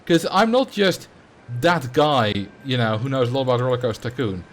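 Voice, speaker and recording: A man's voice: mid-range voice, lively intonation, moderate pace. A man with a Dutch accent chatting casually on a livestream while thinking aloud. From Netherlands. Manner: musing, conversational, thinking aloud. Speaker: streamer.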